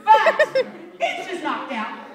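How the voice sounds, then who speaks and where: Female children's teacher, very high voice, playful and questioning; distant mic with faint background hiss. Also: wildly swooping pitch, slow, crowd noise. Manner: playful, asks the children questions, laughs often. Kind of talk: animated storytelling to children. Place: church room with children. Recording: echoey room, mic far off, faint noise.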